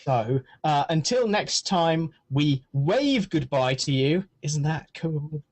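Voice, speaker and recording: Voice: medium pitch, expressive, takes it slowly, a little mellow. A podcast co-host in casual chat, wry and teasing, laughing often.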